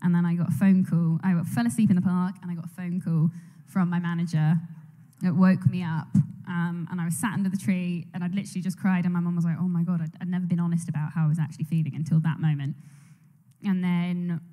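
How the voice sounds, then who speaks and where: A woman's voice: on the low side, flat delivery, fast, dark tone. Young Englishwoman rambling in an echoey hall. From England. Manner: rambling, laughs often, trails off and restarts. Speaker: actress on a convention panel. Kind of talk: casual storytelling. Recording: echoey convention hall on a mic.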